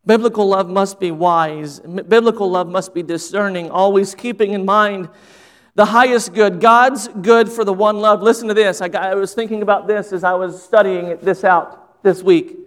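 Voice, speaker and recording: High-voiced preacher in a reverberant church. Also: male voice, fairly even intonation, normal speed, fairly bright tone. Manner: earnest preaching with repeated phrases. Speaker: pastor. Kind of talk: sermon. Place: church sanctuary. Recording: long hall reverb.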